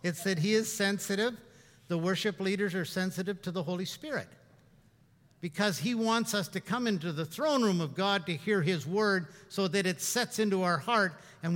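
Middle-aged Canadian pastor, high voice, conversational sermon, reverberant church hall. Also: male voice, expressive, normal speed, fairly bright tone. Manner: conversational preaching, rising for emphasis, often repeating himself. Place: church sanctuary.

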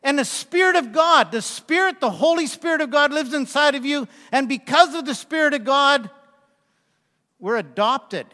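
A man's voice: very high voice, expressive, moderate pace, pushed and bright. A man in his sixties preaching a conversational sermon, telling folksy stories with asides to the congregation. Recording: long reverb of a large hall.

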